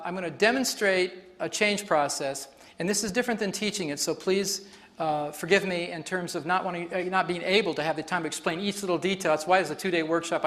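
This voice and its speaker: A man's voice: high-pitched, a bit bright. A man facilitating a live workshop demonstration on stage before an audience, explaining in a chatty way and laughing often.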